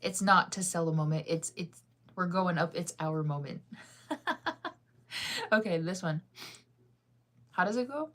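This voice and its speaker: A young woman with a slightly low voice chats with viewers while she reads comments. She keeps it loose and talkative and laughs often. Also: measured pace, long pauses, fairly bright tone. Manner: chatty, laughs often, sings snippets off-key. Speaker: livestreamer reading comments. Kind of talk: casual chat with viewers.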